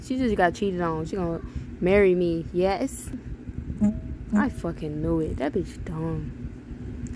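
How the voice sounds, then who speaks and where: A young woman talking loudly through a mobile game, swearing freely and reading in-game texts aloud with plenty of sass. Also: fairly low pitch, slight background noise, poor audio. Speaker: gamer. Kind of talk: casual gameplay commentary.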